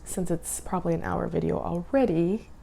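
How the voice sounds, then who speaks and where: A woman in her thirties tells her own life story to the camera, her voice low and gravelly. She recounts it with feeling and acts out the dialogue as she goes. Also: normal speed, a little hiss or hum. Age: 30s. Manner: emotional, animated retelling with quoted dialogue. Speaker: vlogger. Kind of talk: personal storytelling.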